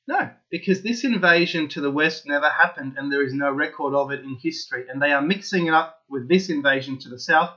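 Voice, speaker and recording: Speaking alone to his channel's audience, this host pushes his opinions with eager insistence and keeps returning to the same arguments. He has a slightly high voice, captured in lo-fi audio.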